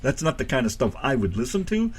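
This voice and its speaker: A man's voice: medium pitch, big pitch swings, fast talker, slightly rough. A man with an American accent co-hosting a radio show, chatting in a blunt, joking way. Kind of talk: casual chat.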